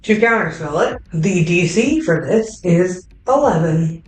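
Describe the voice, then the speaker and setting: A woman's voice: on the low side, animated, unhurried, echoey room, distant mic, poor audio. A woman narrating a tabletop game as game master, casual and full of fillers, swearing freely.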